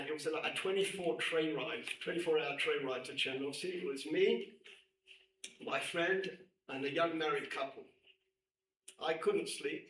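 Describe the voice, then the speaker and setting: A middle-aged man, a rabbi, lecturing women students and telling a personal story with emphatic, animated delivery. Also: a little high. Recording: echoey room, distant mic, faint noise.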